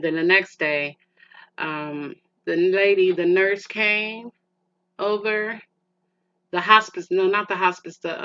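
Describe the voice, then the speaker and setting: This middle-aged woman's voice is lowish, bright and forceful as she hosts her podcast over a muffled, faintly hissing lo-fi recording. Telling a personal story, she rambles with emotion, restarts a lot and calls the listener "girl".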